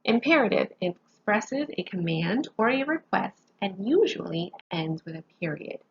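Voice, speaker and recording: A woman's voice: medium pitch, sing-song, measured pace, husky, muffled recording. A woman teaching a grammar lesson, patiently explaining each point step by step with examples, sounding sleepy. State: sleepy, yawning.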